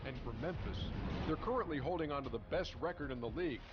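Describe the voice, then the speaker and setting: A man playing a studio host in a basketball video game, presenting in a brisk, upbeat way. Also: a little high, lively intonation, background noise, natural voice. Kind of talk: scripted sports studio hosting. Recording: dull lo-fi game audio.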